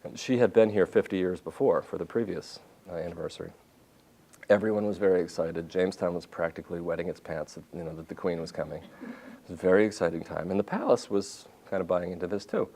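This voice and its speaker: Deep-voiced man telling lively stories. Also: quick pace, gravelly. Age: 50s. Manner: animated storytelling with restarts and self-corrections. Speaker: visiting journalist giving a talk. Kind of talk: lecture with anecdotes. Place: university lecture hall.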